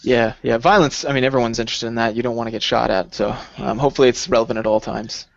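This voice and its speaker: A man co-hosting a podcast in casual chat, animated and rambling, laughing a lot. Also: mid-range voice, quick pace, vocal fry, no echo. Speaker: podcast co-host. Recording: dull lo-fi sound.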